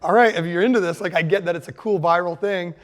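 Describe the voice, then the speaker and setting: A guest musician in his forties chats casually in an interview, loose and rambling, peppering his talk with "like" and "you know." His voice sits high and he speaks quickly.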